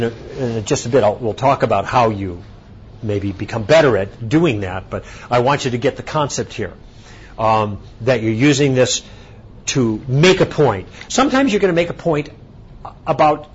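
A man giving a conference lecture, telling an anecdote in an animated storytelling way. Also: medium pitch, highs cut off, a little hiss or hum. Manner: animated storytelling, acting out both sides of a dialogue. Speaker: speaker at a conference.

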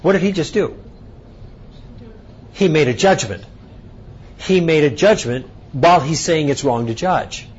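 A man giving a conference lecture, telling an anecdote in an animated storytelling way. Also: on the high side, a little slow, pauses often, husky, lo-fi sound. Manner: animated storytelling, acting out both sides of a dialogue. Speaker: speaker at a conference.

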